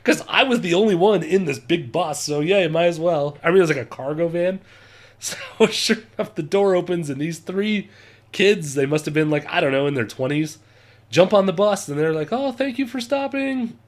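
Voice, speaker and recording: A man telling a travel story in casual vlog style. His voice sits slightly high, and he talks in a chatty way, laughing often. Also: brisk. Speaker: travel vlogger.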